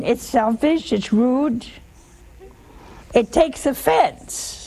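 A woman's voice: mid-range voice, vocal fry, dark tone, slight background noise. A woman giving a folksy sermon, chatty and teasing, full of rhetorical questions to her listeners. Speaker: religious teacher.

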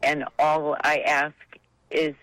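A woman's voice: low voice, monotone, slow, fairly bright tone, no room sound, low-quality recording. A woman calling in to a religious radio show, speaking emotionally and rambling about grief and faith over the phone. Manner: heartfelt, tearful, rambling. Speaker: caller. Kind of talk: emotional call-in testimony.

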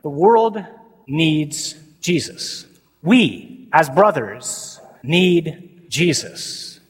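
A man, a priest preaching a humorous, animated sermon at a men's conference. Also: a little high, very slow, breathy edge. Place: large conference hall. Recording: reverberant hall recording.

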